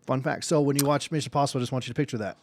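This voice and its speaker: A man's voice: medium pitch, fairly even intonation, very fast, dry recording. A man chatting casually at a tabletop game, easygoing and dry. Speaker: player.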